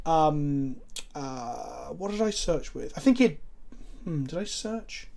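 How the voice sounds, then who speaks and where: High-voiced man, rambling chat. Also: expressive, slow pace, creaky, darkish tone. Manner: rambling, swears, self-mocking, frequent restarts. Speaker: card game player and co-host. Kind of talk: casual gameplay chat with anecdotes.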